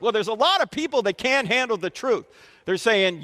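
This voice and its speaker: A man with a high, lively voice lectures a crowd of students, firing questions at them to keep them engaged. The sound carries a long reverb from the auditorium he speaks in. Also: a little fast. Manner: animated, quizzes the audience with questions. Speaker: Christian apologetics speaker. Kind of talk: live lecture to a student audience. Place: university auditorium. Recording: reverberant hall.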